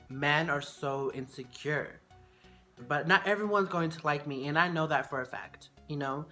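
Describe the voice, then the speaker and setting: A woman's voice: sits low, a bit bright. A young woman telling a personal story in a casual, frank way, full of "you know" and "like".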